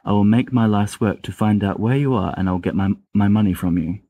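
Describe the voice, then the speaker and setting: A man voicing a large, calm teenage boy who speaks slowly and deadpan, in an amateur audiobook reading. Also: lowish voice, dry recording. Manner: slow, measured, deadpan. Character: big, calm, imposing teenage boy wizard Kingsley.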